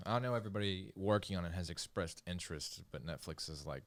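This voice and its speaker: A man's voice: sits low, quick pace, no room sound. A man co-hosting a podcast in casual chat, rambling and joking, with frequent restarts. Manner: rambling, restarts often, jokey. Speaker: podcast co-host.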